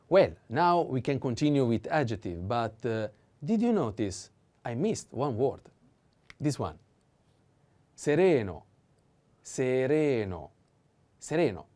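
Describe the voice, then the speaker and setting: A man teaching vocabulary in a patient language lesson, repeating each word slowly and pausing with fillers. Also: lowish voice, mellow. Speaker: Italian teacher.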